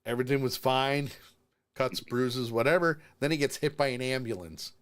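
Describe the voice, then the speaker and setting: A man's voice: mid-range voice, normal speed, clear, resonant tone. A tired man co-hosting a live-streamed podcast, casually recapping a show and acting out lines with frequent laughs. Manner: animated storyteller, acts out quotes and laughs often. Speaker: podcast co-host. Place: streaming from home.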